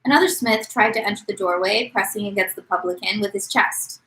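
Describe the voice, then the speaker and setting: A woman's voice: mid-range voice, a little fast, fairly bright tone, low-quality recording. A woman co-hosting a podcast, reading a novel aloud and acting out the quotes. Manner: reads with dramatic voices for quotes. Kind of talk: casual read-aloud podcast.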